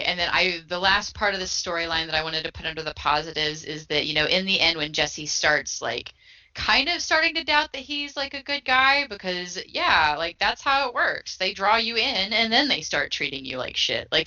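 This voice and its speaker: A woman's voice: lowish voice, pushed and bright. A woman co-hosting a podcast, chatting frankly and casually, swearing now and then and laughing often. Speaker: podcast co-host. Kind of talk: casual chat. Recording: dull lo-fi podcast audio.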